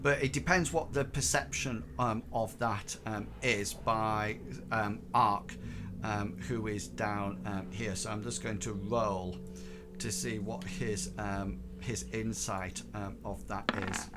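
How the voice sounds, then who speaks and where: A man narrating a tabletop game as game master, halting and full of ums. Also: fairly low pitch, steady tone, over music. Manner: hesitant, many ums and restarts.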